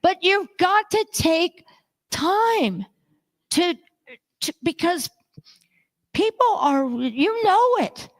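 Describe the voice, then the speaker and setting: Animated woman preaching a sermon. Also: extremely high pitch, extremely slow, pauses often. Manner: animated storytelling, acts out voices. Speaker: minister. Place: church sanctuary.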